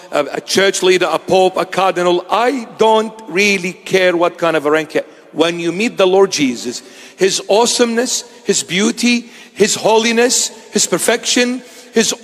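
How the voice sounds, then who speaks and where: A male preacher delivers a sermon slowly and emphatically, hammering home phrases through repetition. His voice sits fairly high, and a long church reverb hangs after every line.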